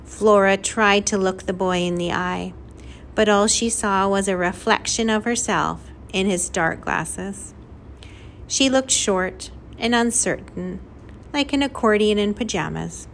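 A woman's voice: medium pitch, unhurried, a little hiss or hum. Woman narrating a children's audiobook. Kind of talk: scripted narration.

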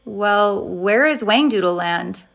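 A woman's voice: mid-range voice, expressive, takes it slowly, gravelly, fairly bright tone, heavily acted. Woman doing an eager, curious little girl. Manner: eager, questioning, lifted voice.

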